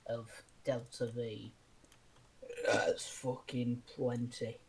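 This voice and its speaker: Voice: medium pitch, level tone, extremely slow, gravelly. Sweary gamer, rambling banter. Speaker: gamer chatting with friends. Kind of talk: casual gaming chat.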